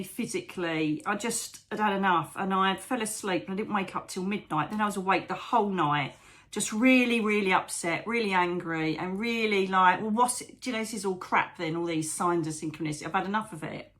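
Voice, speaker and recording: A woman's voice: mid-range voice, brisk, bright, forceful tone. A woman telling a personal story in a candid, emotional, rambling way, as a spiritual vlogger.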